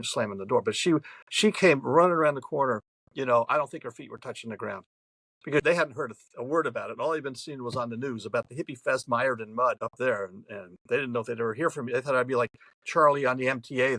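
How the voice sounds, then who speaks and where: Podcast guest, man in his 70s from New York State, gravelly voice, rambling anecdotal storyteller, dry close recording. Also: mid-range voice, pushed and bright, no room sound, rough recording. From New York State, USA. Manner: chatty, rambling, frequent restarts.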